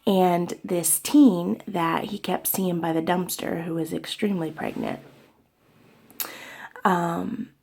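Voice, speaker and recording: A young woman talking in an emotional personal vlog, halting and tearful, with many fillers and soft whispered stretches. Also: lowish voice, sing-song, vocal fry, breathy edge. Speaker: vlogger.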